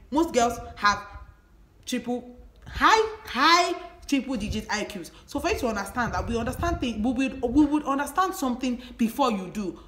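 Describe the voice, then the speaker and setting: A woman's voice: medium pitch, fairly bright tone, reverberant, rough recording. A young adult woman with a Nigerian accent, ranting to camera in a vlog, blunt, mocking and full of swearing. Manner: blunt, profane, emphatic, mocking. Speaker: vlogger.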